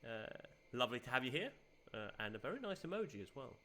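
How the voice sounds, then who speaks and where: Cheerful, bright-voiced male game streamer. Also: mid-range voice, sing-song, a little fast, a little hiss or hum. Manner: cheerful, chatty, laughs often. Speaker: game streamer, community host. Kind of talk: casual live-stream commentary.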